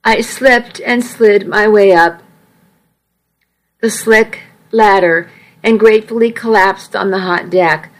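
A woman's voice: medium pitch, takes it slowly, poor audio. A woman reading a first-person story aloud in a wry, conversational way. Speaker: audiobook narrator.

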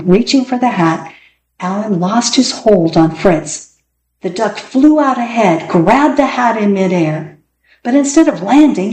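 A woman narrating a children's storybook aloud with expressive, dramatic delivery. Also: fairly low pitch, a little hiss or hum. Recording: echoey room, faint ambience.

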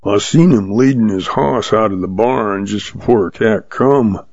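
A sneering, surly cowhand of the old west drawls out his taunts, as a male narrator puts him on. The voice is low and gravelly, recorded dull and dry. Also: unhurried, a little mellow, no room sound. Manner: drawling, scornful.

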